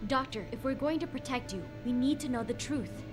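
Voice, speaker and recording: A woman's voice: high-pitched, fairly quick, music in the background, lightly acted. An actress playing a firm, businesslike young female federal agent in a video game cutscene.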